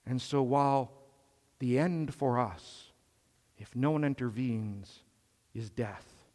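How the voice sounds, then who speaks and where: A man preaching a sermon in a slow, measured way, swelling on emphatic phrases. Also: mid-range voice, a little mellow, big-room sound.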